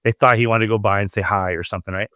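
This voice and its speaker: A man from Southern California hosting a podcast, telling a story in a casual, animated way and acting out quoted lines. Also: on the low side, racing, clear, resonant tone, no echo, clean studio sound. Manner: animated, acts out quoted dialogue. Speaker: podcast host.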